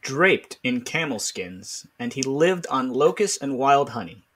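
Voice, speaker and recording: A man's voice: mid-range voice, sing-song, unhurried, fairly bright tone, breathy edge. A man co-hosting a podcast, reading a comic text aloud playfully and acting out the quoted lines. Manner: playful, laughs often, acts out lines. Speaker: podcast co-host.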